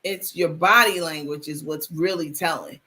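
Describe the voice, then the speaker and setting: A woman's voice: sits low, moderate pace, bright, forceful tone. A woman hosting a live stream, chatting casually and reading viewer comments aloud with frequent restarts.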